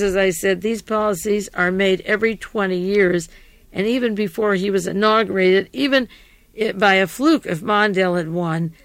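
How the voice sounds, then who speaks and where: Tired-voiced commentator, rambling taped radio monologue, mid-range pitch, dry sound. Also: dry recording. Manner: rambling, digressive, self-correcting.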